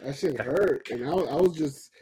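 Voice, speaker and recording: A man's voice: fairly high pitch, normal speed, mellow, a little hiss or hum, poor audio. A young man co-hosting a podcast, chatting bluntly, swearing freely, and mixing in Spanish slang. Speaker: podcast co-host. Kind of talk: casual chat.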